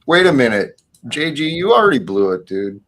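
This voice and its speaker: A man's voice: medium pitch, sing-song, moderate pace, a bit bright, slight background noise, rough recording. A man hosting a casual live stream panel. He talks in an earnest, preachy way about faith. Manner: earnest, preachy spiritual talk. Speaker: stream host.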